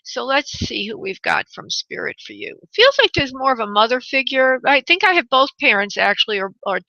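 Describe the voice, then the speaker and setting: A woman hosting a call-in radio show as a medium, talking affectionately to callers and calling them honey, with frequent pauses and restarts. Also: sits high, sing-song, vocal fry, sharp tone, no room sound, muffled recording. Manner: hesitant, many pauses and restarts. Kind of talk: casual call-in radio chat.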